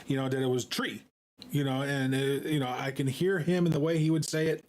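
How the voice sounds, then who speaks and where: A man's voice: mid-range voice, little pitch movement, darkish tone. Guy streaming, just chatting, lots of um and you know, stumbles over words. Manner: halting, repeats words, many fillers. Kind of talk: casual live-stream chat.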